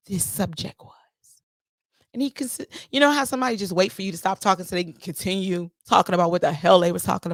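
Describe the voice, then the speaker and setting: A woman hosting a podcast, telling a story in a casual, animated monologue and repeating herself for emphasis. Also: medium pitch, dry recording, clean studio sound. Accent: playful put-on Jamaican-style lilt at times. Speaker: podcast host.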